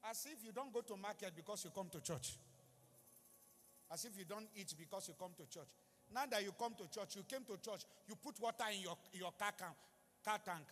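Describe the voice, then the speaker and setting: A Nigerian man preaching in a large church, his very high voice bright and tense. His pleading sermon leaps into loud, emphatic bursts, and the long reverb of the hall trails behind every phrase. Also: fairly quick. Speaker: pastor.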